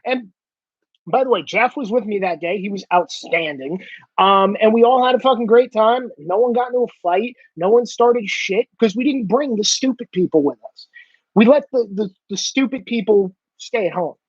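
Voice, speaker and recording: Male host, high husky voice, sarcastic and swearing, dull lo-fi dry recording. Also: moderate pace, no echo. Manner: sarcastic, profane, mocking. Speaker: online show host. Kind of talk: ranting monologue.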